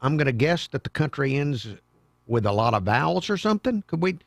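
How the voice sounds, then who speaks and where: Man, talk radio host, sarcastic and mocking, slightly high voice, dry studio sound. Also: big pitch swings, brisk, gravelly, no room sound. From American South. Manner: sarcastic, mocking, with sudden loud outbursts. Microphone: studio microphone.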